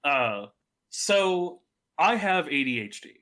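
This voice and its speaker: A man's voice: a little high, big pitch swings, slow pace, bright, forceful tone. A man co-hosting a podcast, chatting casually and rambling with many fillers. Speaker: podcast co-host. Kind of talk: casual chat.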